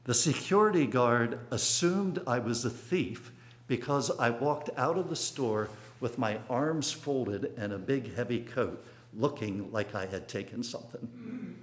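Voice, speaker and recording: A man's voice: medium pitch, animated, unhurried. A man in his sixties giving a sermon, telling a personal childhood story in a reflective way, with sudden bursts of emphasis. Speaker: preacher.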